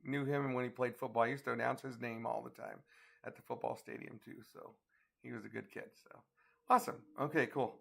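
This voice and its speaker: A middle-aged man with a gravelly, mid-pitched voice hosts a livestream weather briefing. He talks in a folksy, chatty way, reading out viewer comments and answering them as he goes. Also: steady tone, brisk, a bit bright. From northeastern Colorado. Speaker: storm chaser hosting a livestream weather briefing. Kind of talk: casual livestream chat with viewers.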